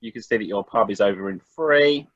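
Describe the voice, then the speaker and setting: A man's voice: lowish voice, fairly quick, fairly bright tone, no echo, highs cut off. A man running a tabletop game as game master, chatting casually and laughing often.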